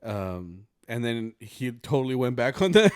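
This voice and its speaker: A man's voice: mid-range voice, very animated, a little slow, dry recording, clean studio sound. A young man co-hosting a podcast, chatting casually in a rambling, slangy, self-mocking way. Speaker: podcast co-host. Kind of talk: casual chat.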